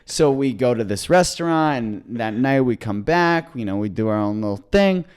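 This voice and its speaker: A man co-hosting a podcast, telling a long story in an excited, rambling way, with many restarts. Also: medium pitch, moderate pace, smooth. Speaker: podcast co-host. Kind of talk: casual storytelling chat.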